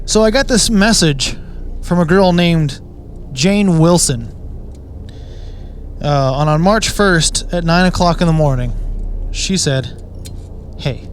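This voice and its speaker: Hesitant man telling a story, slightly higher voice. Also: takes it slowly, pauses often, a little hiss or hum. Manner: hesitant, lots of uh, chuckles at himself. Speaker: channel host. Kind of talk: casual storytelling to camera.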